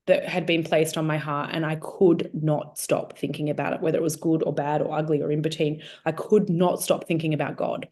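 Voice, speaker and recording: A low-voiced woman, a guest sharing her testimony, tells her story in a casual, conversational way. She is animated and acts out the quoted dialogue.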